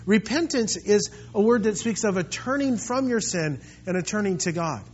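A man preaching a sermon as pastor, swinging between quiet, intimate stretches and loud, impassioned ones. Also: high voice, lively intonation, normal speed, breathy edge, muffled recording.

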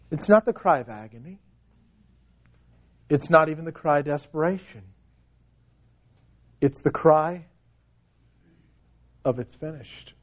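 High-voiced man preaching slowly. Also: highs cut off. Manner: dramatic, swings from hushed to loud cries. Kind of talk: sermon.

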